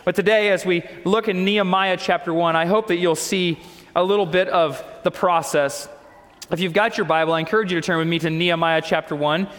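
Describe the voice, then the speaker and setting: A man preaching from the pulpit, his voice pitched high for a man. He tells a personal story with earnest feeling and acts out the people in it. The sound carries a long church-hall reverb. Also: steady tone, brisk, fairly bright tone. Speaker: pastor.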